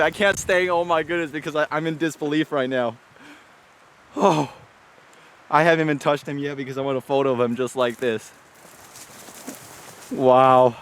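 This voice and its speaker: Tearful man outdoors, slightly high voice. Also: clear, resonant tone. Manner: tearful, overwhelmed, breathless exclamations. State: crying. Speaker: hunter filming his hunt. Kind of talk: emotional field vlog. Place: outdoors in forested hills.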